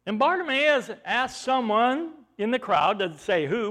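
A male preacher with a high voice that leaps up and down as he retells a story. He fires rhetorical questions at the congregation and swings from loud emphasis to hushed asides. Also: animated, measured pace, few pauses. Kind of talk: sermon.

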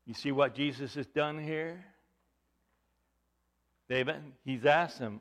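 A man of medium pitch, speaking a little slowly, preaches with dramatic flair. He tells the story through rhetorical questions, alternating loud emphasis with hushed tones.

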